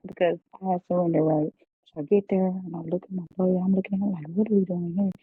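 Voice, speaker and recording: Podcast guest, woman, husky gravelly voice, heartfelt testimony, thin phone-like sound. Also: on the low side, flat delivery, quick pace, no room sound. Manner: storytelling, preacherly, heartfelt. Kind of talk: emotional personal testimony. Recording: phone-like, dry.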